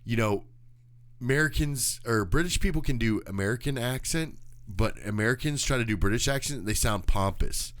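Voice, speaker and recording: A man's voice: medium pitch, moderate pace, a bit bright, dry recording. A man co-hosting a podcast in casual chat, talking hesitantly with many fillers and restarts. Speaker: podcast co-host.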